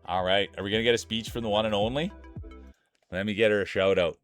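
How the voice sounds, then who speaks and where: Calling marble races on his live stream, this Canadian man from Saskatchewan keeps up hyped, announcer-style banter directed at his chat. He talks fast in a lowish voice, with faint music in the background.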